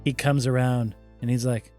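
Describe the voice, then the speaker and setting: A man's voice: mid-range voice, little pitch movement, moderate pace, darkish tone, faint music behind. A man narrating as game master of a tabletop game, slipping into character voices for short asides.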